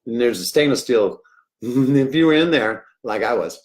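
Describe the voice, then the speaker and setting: A middle-aged man hosting a rambling livestream, jokey and swinging between loud outbursts and hushed asides. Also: medium pitch, lively intonation, moderate pace. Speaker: livestream host.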